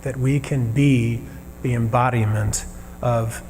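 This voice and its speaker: A man preaching a sermon as minister, earnest and measured, pausing between phrases. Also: mid-range voice, fairly even intonation. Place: church sanctuary. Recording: reverberant sanctuary with faint hum.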